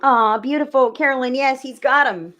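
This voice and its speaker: A woman's voice: high voice, moderate pace, a bit bright. A woman hosting a live tarot reading stream, chatting casually with her viewers, sometimes swearing and sometimes turning away from her microphone. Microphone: desk mic, turns away from it at times.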